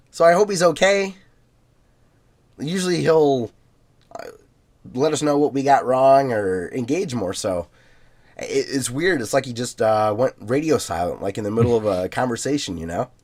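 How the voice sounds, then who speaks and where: A man of middle pitch co-hosts a casual podcast. He reads listener emails aloud in a loose, easygoing way. He leans on fillers and laughs often. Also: moderate pace. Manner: relaxed, filler-heavy, laughs easily. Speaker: podcast co-host.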